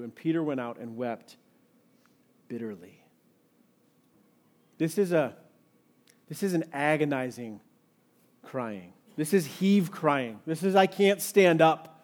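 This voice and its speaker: A man's voice: fairly high pitch, a little mellow. A man preaching an expository sermon, reading scripture aloud and acting out the quoted lines with rising intensity. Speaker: pastor.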